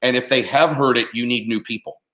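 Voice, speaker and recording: Here a performance coach answers an interview question with motivational energy, his mid-range voice a little fast, pushed and bright. He keeps his advice punchy and emphatic, frequently making sure the audience is keeping up.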